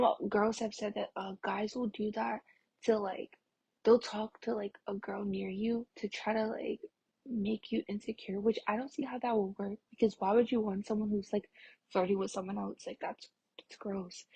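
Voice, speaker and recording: A young woman from tells a story in a casual, rambling way, full of fillers. Her voice is very breathy and a little high, and she slips into whispers now and then. The sound is dry and close. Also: darkish tone, dry recording. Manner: chatty, many fillers, drops to a whisper at times. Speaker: vlogger.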